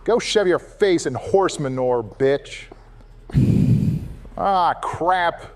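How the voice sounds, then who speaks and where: A man's voice: on the high side, animated, very slow. A man putting on an exasperated male politician, sarcastic and swearing while playing a game. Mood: annoyed. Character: exasperated male politician impression, easily irritated. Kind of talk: comedic gameplay voice impression.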